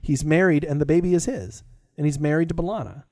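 A man's voice: a little high, expressive, fast talker, darkish tone, dry recording. Rambling, chatty man with a dry sound. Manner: rambling, enthusiastic, laughs often. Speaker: podcast co-host. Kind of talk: casual chat.

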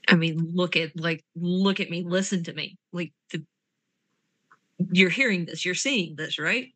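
Bright-voiced woman role-playing. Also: lowish voice, a little slow, dry recording. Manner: chatty, uses lots of likes. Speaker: tabletop role-play player. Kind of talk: in-character role-play chat.

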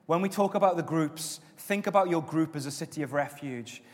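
A man preaching a sermon as pastor, with stretches of loud, emphatic exhortation and softer prayer. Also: fairly high pitch, brisk. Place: church auditorium. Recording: long reverb of a church hall.

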